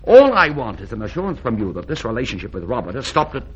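A man's voice: mid-range voice, sing-song, fast, highs cut off, crowd noise, natural voice. An actor playing a jealous, pompous male professor who lectures stiffly in a vintage radio drama. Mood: indignant.

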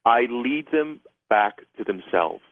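A man's voice: mid-range voice, lively intonation, slow, dry recording. A man, a guest author and psychic, telling a rambling story with many restarts during a radio interview. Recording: tinny phone line.

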